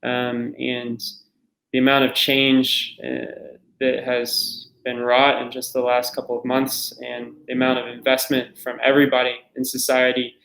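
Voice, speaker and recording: ER doctor, thirties, male, flat delivery, roomy echo, halting. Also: mid-range voice, creaky. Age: 30s. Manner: reflective, halting with many fillers. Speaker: ER doctor guest. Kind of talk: remote interview. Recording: echoey room.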